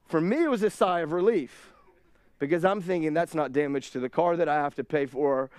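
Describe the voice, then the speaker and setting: Animated male preacher, dry close sound. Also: high-pitched, moderate pace, smooth, no echo. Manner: animated storyteller, acts out his kids' shrieks. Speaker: pastor. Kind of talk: sermon with storytelling.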